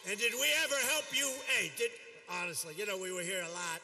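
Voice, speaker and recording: An older man giving a rally speech, repeating himself and boasting as he shouts out to a crowd. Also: high-pitched, animated, quick pace. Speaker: politician at a rally. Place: large arena. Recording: long hall reverb from an arena.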